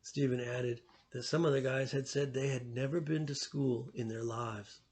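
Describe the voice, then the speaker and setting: A man reading a story aloud as a storyteller, with steady, even narration. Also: mid-range voice, moderate pace.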